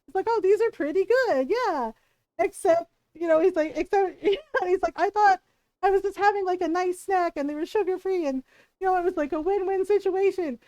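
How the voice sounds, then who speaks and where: Very high-voiced woman telling a story. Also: normal speed, no echo, lo-fi sound. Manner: animated storytelling, acts out quotes, laughs often. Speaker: streamer. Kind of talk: casual chat while gaming.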